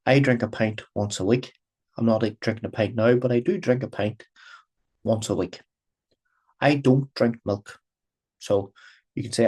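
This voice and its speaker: A man's voice: mid-range voice, normal speed, a little mellow. Man, mid-range voice, patient language teacher, repeats and switches languages. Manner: patient, repetitive explaining, switching between Irish and English. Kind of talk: recorded grammar lesson.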